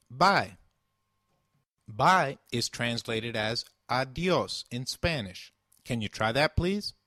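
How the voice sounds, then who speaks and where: Slow, lively male language teacher. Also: mid-range voice, no room sound, studio quality. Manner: slow, patient, enunciates each word. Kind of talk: scripted language lesson.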